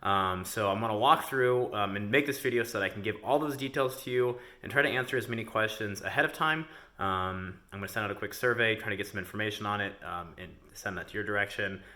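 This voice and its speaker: A man's voice: on the low side, quick pace, sharp tone. A man who owns a delivery company gives a casual video update to his employees from indoors, rambling with many ums and uhs. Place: indoors in a house.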